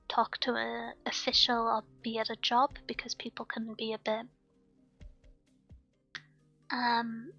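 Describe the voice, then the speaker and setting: A woman's voice: a little high, a bit bright. A woman streamer from Wales with a near-standard British accent and a Welsh lilt, musing aloud in casual stream chat. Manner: musing, thoughtful, talks with many asides. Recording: dull lo-fi stream audio with faint music.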